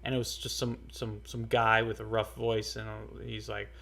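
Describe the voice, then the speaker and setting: A young man telling a personal story in a casual, earnest way, halting often with fillers and restarts. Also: on the low side, little pitch movement, gravelly, bright, forceful tone. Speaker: storyteller vlogger.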